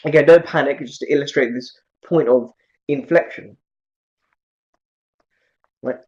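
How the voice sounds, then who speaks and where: A man teaching an Arabic grammar class, lecturing in a lively way and often checking in with his students. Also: mid-range voice, measured pace, muffled recording. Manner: lively, asks many questions.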